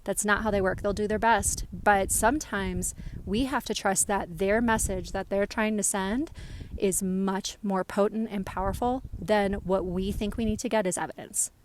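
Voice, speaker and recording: A woman working as a spiritual medium, giving a casual storytelling lesson in a chatty, animated way that is full of "like" and "right?". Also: medium pitch, normal speed, a little hiss or hum.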